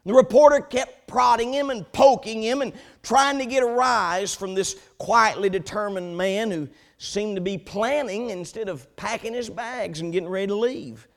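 A man preaching a sermon, telling a story with animated build-ups before turning to the scripture text. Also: sits high, a little slow. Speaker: pastor.

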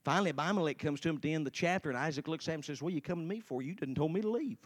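A preacher in his forties giving a sermon, telling his own story and swinging from quiet storytelling to slow, shouted fervor. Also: fairly high pitch. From Tennessee. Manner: shouts and slows down in the fervent parts, quiet and fast in the storytelling.

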